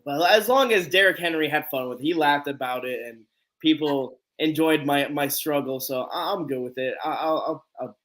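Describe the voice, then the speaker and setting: On a live stream, a man whose voice sits on the high side speaks at normal speed. He's an animated storyteller delivering a casual, high-energy tale and performing the quotes.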